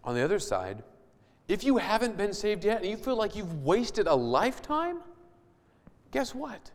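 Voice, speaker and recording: A man preaches to his congregation, reading scripture and then unpacking it in a chatty, questioning way. His voice sits a little high. The sound rings out with the long reverb of a church hall. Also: very animated, measured pace. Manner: reads scripture aloud then explains it conversationally, with rising emphatic questions. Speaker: pastor. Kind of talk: sermon.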